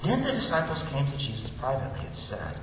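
Animated preacher in an echoey hall. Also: male voice, mid-range voice, quick pace, a little hiss or hum. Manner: animated storytelling, acts out voices for comic effect. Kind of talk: sermon. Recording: echoey hall, distant mic, faint ambience.

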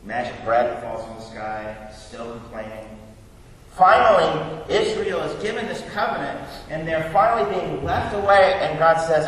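A man's voice: a little high, expressive, normal speed, fairly bright tone, a little hiss or hum. A young adult man preaching a sermon in a church, with a conversational, teacherly manner that poses questions and answers them. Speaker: pastor. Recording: echoey hall from far off.

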